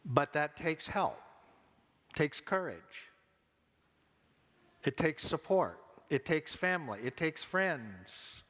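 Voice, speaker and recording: A man delivers a memorial sermon in a church sanctuary, speaking slowly and deliberately and repeating his key lines for weight. His voice sits a little high for a man, and a long reverb trails each phrase. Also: very animated, a bit bright. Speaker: pastor. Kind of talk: funeral sermon.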